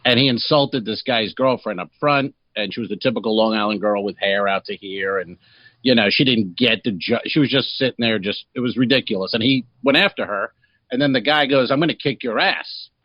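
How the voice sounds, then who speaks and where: A man's voice: lowish voice, a little fast, no echo. Man, comedy podcast co-host, rambling storyteller, dry lo-fi sound. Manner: rambling storyteller, acts out quotes. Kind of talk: casual comedy podcast chat.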